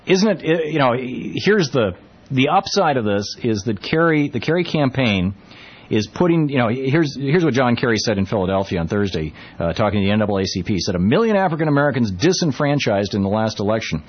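A man's voice: mid-range voice, lively intonation, fairly quick, breathy edge. A man from Vermont hosting a call-in radio show, talking conversationally with frequent fillers and restarts. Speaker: radio talk show host. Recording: dull lo-fi radio broadcast.

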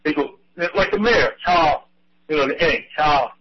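A man from Philadelphia chatting on a talk show, lively and agreeable. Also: fairly high pitch, fairly quick, dull audio, a crowd in the background. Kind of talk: casual radio conversation.

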